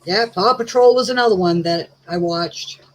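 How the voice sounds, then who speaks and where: A woman's voice: medium pitch, moderate pace, rough recording. Woman, guest, casual chat, rambling storyteller, mid-range voice. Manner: rambling storyteller, many "you know"s.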